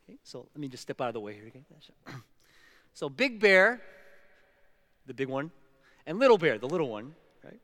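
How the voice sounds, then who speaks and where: A man's voice: fairly high pitch, sing-song, moderate pace, pauses often, a bit bright. A male pastor giving a sermon, stressing words one by one and slipping into storytelling. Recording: long hall reverb.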